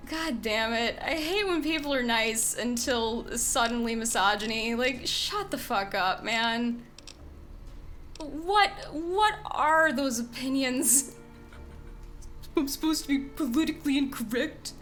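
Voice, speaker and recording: A woman's voice: a little high, animated, takes it slowly, a bit bright, faint music behind. A woman streaming a video game, chatting casually and with exasperation, swearing often. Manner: exasperated, swearing, frequent laughs.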